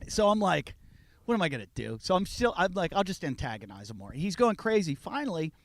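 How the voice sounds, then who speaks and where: A man's voice: sits high, a little fast, no room sound. A man telling a story on a podcast in a casual way, acting out the people in it. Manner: animated, acts out the people in his story. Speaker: podcast guest.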